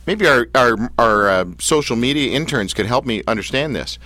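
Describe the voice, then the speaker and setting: A man hosting a radio interview, joking and self-deprecating, with halting fillers. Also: mid-range voice, lively intonation, sharp tone, no echo. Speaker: radio show host.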